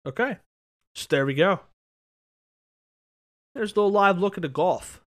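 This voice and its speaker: A man's voice: high voice, expressive, a little slow. Rambling, swearing male podcast co-host. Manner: rambling, repeats words, swears. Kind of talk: casual sports chat. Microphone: podcast microphone.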